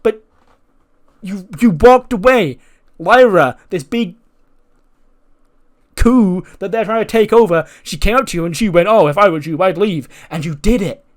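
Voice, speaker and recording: A man's voice: on the high side, moderate pace, fairly bright tone, lightly acted. A man voicing a proud veteran female wrestler who scolds in emphatic bursts. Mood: indignant.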